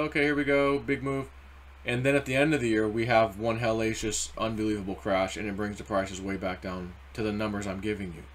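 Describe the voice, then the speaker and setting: A man in the middle of his normal pitch range, chatting casually about markets. He rambles from one thought to the next. He jumps into quick acted-out quotes along the way. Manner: rambling, animated, acts out quoted voices. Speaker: crypto video host.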